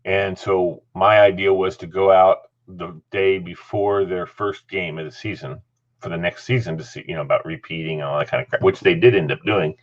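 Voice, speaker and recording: A man's voice: low-pitched, moderate pace, highs cut off. A middle-aged man hosting a casual chat, telling a story with lots of laughter and acted-out voices. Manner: animated, laughing, acts out voices. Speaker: host.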